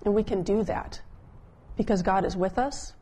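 A woman pastor telling a story in a conversational sermon, dropping her voice softer when she quotes people. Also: medium pitch, normal speed, breathy edge. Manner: conversational, drops softer when quoting others.

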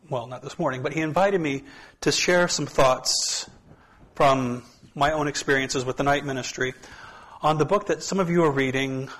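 A man speaking as a pastor in a relaxed, chatty talk to a church group, his voice a bit hoarse from allergies, on a hand mic. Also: mid-range voice. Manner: relaxed, chatty, self-deprecating asides.

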